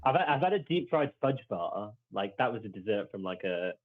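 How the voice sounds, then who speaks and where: Low husky guy rambling fast on a podcast, tinny phone-line sound. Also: sing-song. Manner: rambling, many fillers and restarts. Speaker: podcast host. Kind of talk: casual chat.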